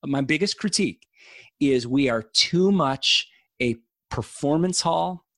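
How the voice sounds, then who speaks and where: A man's voice: on the high side, lively intonation, unhurried, a bit bright, no echo, studio quality. A middle-aged man, an author, talking earnestly in a casual conversation and building long analogies. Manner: earnest, uses extended analogies. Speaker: author and guest.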